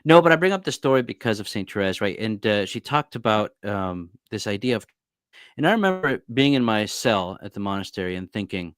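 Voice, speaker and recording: A man telling a personal faith story in a relaxed, reflective way over a video call, with frequent fillers and restarts. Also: lowish voice, a little fast, clean tone, no room sound, studio quality. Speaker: former monk, podcast guest or host. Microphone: video call over unstable internet.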